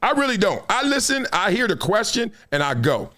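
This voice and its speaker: A man hosting a live sports talk stream, lecturing his viewers in a casual, slangy, animated way with laughs between points. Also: sits high, moderate pace. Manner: animated, preachy, drops into quoted voices. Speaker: sports talk show host. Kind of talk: live-streamed commentary monologue.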